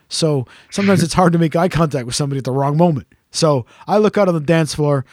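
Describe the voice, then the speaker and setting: A man's voice: a little high, dry recording, clean studio sound. A man hosting a casual chat, telling a teasing, swear-filled story about a gig he sang at. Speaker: podcast host and gigging singer.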